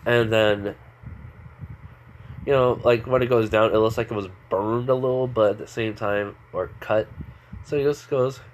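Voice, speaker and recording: A man's voice: on the low side, fairly even intonation, moderate pace, long pauses, slight background noise. A man improvising a fan story aloud in a rambling way, full of fillers and self-corrections.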